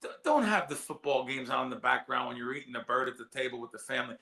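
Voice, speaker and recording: A man's voice: mid-range voice, quick pace, creaky, bright, forceful tone. A man on a sports betting show, talking in a rambling, heartfelt way and often repeating his words. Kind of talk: casual chat.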